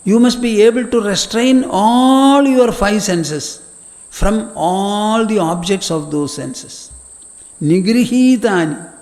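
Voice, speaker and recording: Slow, high-voiced elderly teacher. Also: male voice, a little mellow. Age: older. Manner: deliberate, earnest, exhorting. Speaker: spiritual teacher. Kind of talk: scripture lecture. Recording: long hall reverb.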